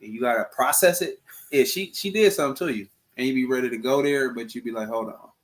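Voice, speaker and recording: A man's voice: medium pitch, fast talker. A young man co-hosting a casual chat, earnest and a bit preachy, speaking to viewers and acting out what people say. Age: young adult. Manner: earnest, preachy asides to viewers, acts out quotes. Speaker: co-host.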